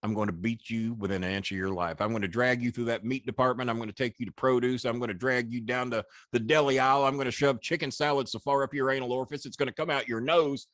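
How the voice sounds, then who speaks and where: An older man puts on a loud, swaggering wrestling champion hurling profane threats at a rival, voice landing in an ordinary middle register. it's recorded close and dry, with no room sound behind it. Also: mid-range voice, steady tone, fast, hardly any pauses, no room sound, natural voice. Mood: threatening. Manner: bombastic, profane trash talk. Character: blustering male wrestling champion making threats.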